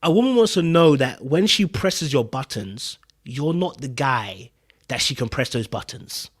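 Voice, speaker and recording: A man's voice: mid-range voice, lively intonation, a little slow. A man hosting a podcast in casual commentary, talking emphatically, repeating his points and checking in with his listeners. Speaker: podcast host.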